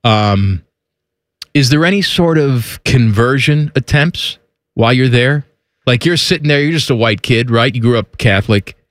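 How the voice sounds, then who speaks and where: A man's voice: medium pitch, animated, normal speed, no echo, studio quality. A man co-hosting a radio talk show, bantering and teasing his partner with jokes. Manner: teasing, joking. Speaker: radio co-host.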